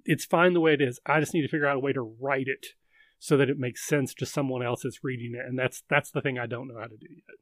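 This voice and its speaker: A man's voice: mid-range voice, fairly even intonation, fast, a bit bright, no echo. A man hosting a casual live chat, rambling and thinking aloud with lots of fillers. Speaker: livestream host.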